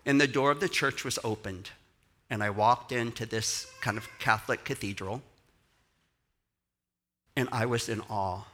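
A middle-aged man from Texas, telling a lively story in a talk at a church event. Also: mid-range voice, unhurried, pauses often. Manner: animated storyteller, acts out voices.

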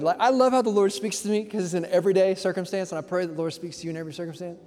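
A young man preaching a sermon, casual and slangy, swinging from soft tones to loud energetic bursts. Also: sits high, racing, hardly any pauses. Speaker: pastor. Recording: long hall reverb.

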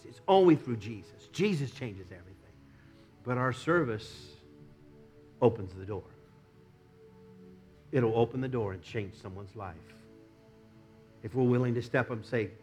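An American man preaching a sermon as a pastor, swinging from loud exhortation to near-whispers. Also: mid-range voice, expressive, unhurried, long pauses, soft background music.

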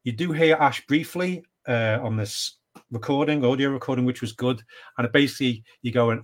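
A man's voice: medium pitch, fairly quick. Rambling middle-aged man chatting films. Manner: rambling, hesitant with fillers and restarts. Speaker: podcast co-host. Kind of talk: casual chat.

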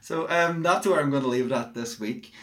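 A young man hosts a relaxed two-person podcast, talking about films in an easygoing, self-deprecating way. He laughs easily between points. The sound is plain, with no proper microphone. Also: mid-range voice, a little fast. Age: young adult. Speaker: podcast host. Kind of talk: casual chat.

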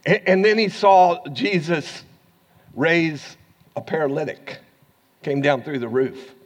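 Animated American preacher in a big hall. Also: male voice, a little high, takes it slowly. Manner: animated preaching, swings from hushed to loud, laughs often. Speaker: pastor. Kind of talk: sermon.

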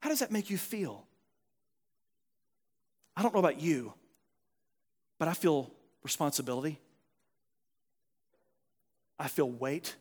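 Male pastor, high-pitched, earnest sermon delivery that drops to soft reflection, reverberant hall. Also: slow, long pauses, husky. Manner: earnest, moves from animated emphasis to quiet, soft reflection.

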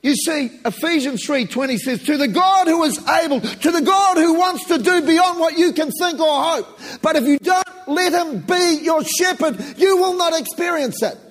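A man preaching as a pastor, rising to shouts and slowing into hushed prayer. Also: extremely high pitch. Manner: impassioned, shouting at peaks then slow and hushed in prayer. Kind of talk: sermon and prayer.

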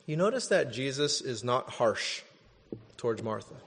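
A man preaching a sermon in an animated, conversational way, often checking in with "right?". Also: mid-range voice, moderate pace, breathy edge, long reverb tail. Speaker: pastor.

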